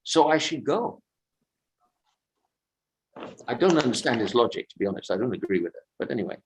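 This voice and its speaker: A man giving a devotional storytelling talk at a sacred lake on a pilgrimage walk, unhurried and reflective, drifting between anecdote and commentary. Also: mid-range voice, lively intonation, slight background noise, low-quality recording. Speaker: pilgrimage tour speaker.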